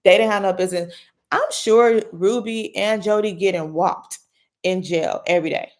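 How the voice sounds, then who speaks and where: A woman hosting a casual late-night commentary, retelling a case in a chatty, animated way with slangy asides. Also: medium pitch, normal speed. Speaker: commentary host.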